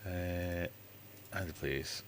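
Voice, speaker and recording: A man's voice: sits low, drawn-out words, a little hiss or hum. A middle-aged man hosting a casual livestream chat, rambling jokily with self-mocking asides and acting out other people's voices. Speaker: livestream host.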